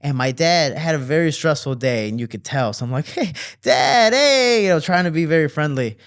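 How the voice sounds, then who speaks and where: A man telling stories from his childhood as a guest in an interview, with lively quoting and relaxed fillers. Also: brisk. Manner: animated, jumps higher to quote people; fillers and restarts, relaxed flow. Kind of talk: casual storytelling.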